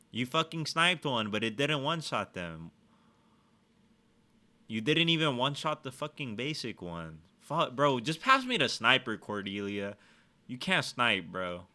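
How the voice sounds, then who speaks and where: Gamer guy streaming, bright sharp voice, lively swings, cussing and trash talk. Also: mid-range voice. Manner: profane, excitable trash talk. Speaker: gaming streamer. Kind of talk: let's-play commentary.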